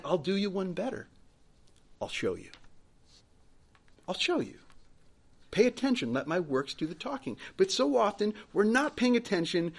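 A man preaching a sermon in a conversational way, often posing rhetorical questions and repeating his words. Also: fairly high pitch. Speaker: pastor.

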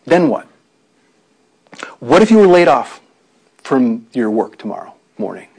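A man's voice: mid-range voice, very animated, unhurried, vocal fry, a little mellow, breathy edge, poor audio. A man preaching a sermon in an earnest, conversational way, with frequent restarts and rhetorical questions.

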